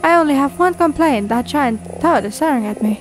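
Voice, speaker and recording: A woman's voice: high voice, expressive, brisk, soft background music. A woman voicing a grumpy, protective male house cat in a game. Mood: wary.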